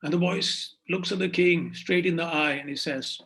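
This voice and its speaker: A man's voice: a little high, moderate pace, gravelly, hardly any pauses, a little hiss or hum, rough recording. A man, telling a story in a sermon and acting out each character's voice. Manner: animated, acts out the story's voices. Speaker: preacher.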